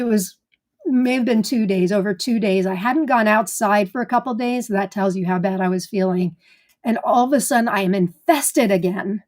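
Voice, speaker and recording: A woman's voice: medium pitch, darkish tone. A woman hosting a live gardening stream in casual chat, greeting viewers by name in a chatty way.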